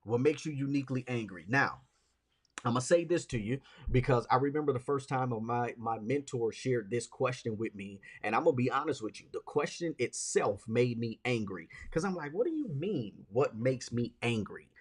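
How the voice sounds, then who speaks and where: A man's voice: mid-range voice, brisk. A man hosting a podcast, teaching in a motivational monologue, repeating key questions and checking in with "okay?" and "right?". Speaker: podcast host and leadership speaker.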